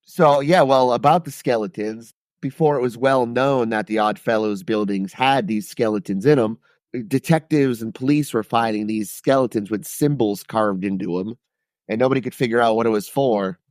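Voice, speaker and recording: A man's voice: medium pitch, moderate pace, a little mellow, no echo. Podcast guy telling stories, rambly and swears a lot, dry close mic. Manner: loose, profane, rambling delivery. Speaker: podcast co-host. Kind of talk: casual storytelling.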